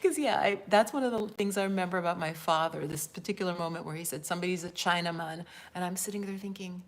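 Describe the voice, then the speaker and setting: A woman's voice: on the low side, fast talker. A woman in her fifties from Jamaica, with a Jamaican accent, chatting casually on a live stream as a spiritual life coach. She tells stories animatedly, acts out quotes and laughs often.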